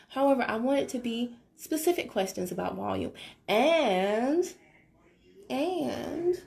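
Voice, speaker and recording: A woman's voice: mid-range voice, vocal fry, darkish tone. A woman with a Southern American accent, talking casually and with sass to her team on a live video. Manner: sassy, joking, talks straight to viewers. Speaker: network marketing team leader. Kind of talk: casual live-stream talk.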